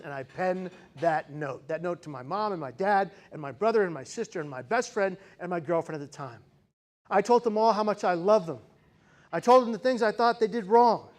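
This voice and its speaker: A keynote speaker in his forties gives a personal storytelling speech in a high voice. His delivery is dramatic, swinging between loud intensity and hushed quiet.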